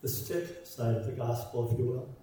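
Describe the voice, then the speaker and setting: Man, sermon, dark mellow voice, emphatic repetition, echoey hall, mic set back. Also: medium pitch, moderate pace. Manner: emphatic, repeats phrases in parallel. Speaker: preacher. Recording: roomy echo, voice from far off.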